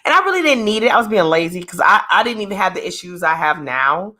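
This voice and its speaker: Bright, lively woman podcast host. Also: mid-range voice, fast. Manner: animated and joking, acts out quoted voices. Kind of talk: casual chat.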